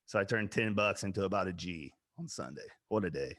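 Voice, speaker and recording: Midwestern male podcast co-host, bright forceful tone, loud laughing storyteller, swears freely. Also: sits low, brisk. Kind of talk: casual chat.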